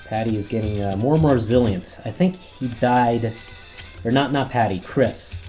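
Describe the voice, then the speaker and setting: A man commentating his gameplay run, rambling and swearing often, his throat worn from yelling at the screen. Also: mid-range voice, normal speed, soft background music. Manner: rambling, heavy swearing, talks back at the game. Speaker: let's play host.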